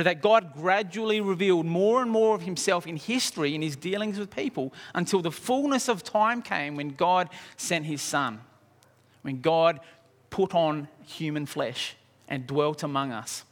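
Animated high-voiced preacher in a reverberant hall. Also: male voice. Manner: animated, acts out scenes, asks the congregation questions. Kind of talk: sermon.

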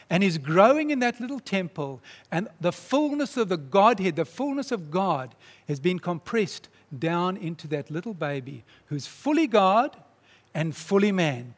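A man preaching, retelling a story in a dramatic, animated way. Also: high-pitched. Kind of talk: sermon storytelling. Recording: long reverb in a large hall.

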